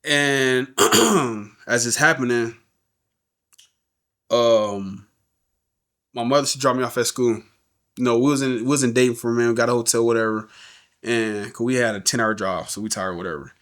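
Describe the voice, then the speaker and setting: A man's voice: medium pitch, moderate pace, long pauses, fairly bright tone. An adult man, a podcast guest, candidly telling his life story in a loose, casual way, often repeating words and asking "you know what I'm saying.".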